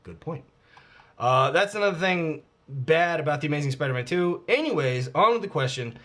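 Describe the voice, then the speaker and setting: A man's voice: on the high side, lively intonation, moderate pace, fairly bright tone. A man in his forties answering viewer questions on his vlog in a rambling, candid way, swearing freely. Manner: rambling, profane and candid, with frequent fillers. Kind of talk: casual vlog Q&A.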